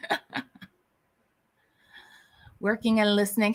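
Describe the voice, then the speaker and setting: A woman's voice: mid-range voice, steady tone, moderate pace, pauses often, pushed and bright. A woman hosting a casual livestream chat, answering viewer comments with sassy, candid banter. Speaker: livestream host.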